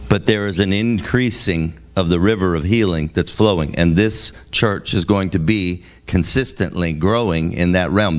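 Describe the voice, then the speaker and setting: Man preaching, emphatic and animated. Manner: emphatic, swings from low reading to loud, high-pitched exclaiming; reads scripture aloud, then comments with humor and exasperation. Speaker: guest preacher. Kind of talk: sermon. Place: church service.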